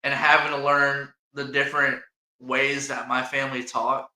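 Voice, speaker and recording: A man's voice: medium pitch, flat delivery, normal speed, sharp tone, roomy sound, rough recording. A man with an Indiana accent hosting a casual sports chat, rambling and jokey and laughing often. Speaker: podcast host.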